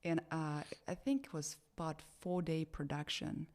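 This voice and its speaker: A woman with a Russian accent talks casually in an interview. Her voice sits slightly low, and her speech is full of fillers, restarts and lively bursts. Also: moderate pace. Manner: hesitant, many fillers and restarts, animated. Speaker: actress, interview guest.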